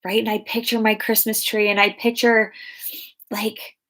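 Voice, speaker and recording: A woman's voice: medium pitch, flat delivery, normal speed, fairly bright tone. A woman in her thirties coaching clients in a casual question-and-answer talk, chatty and full of fillers and restarts.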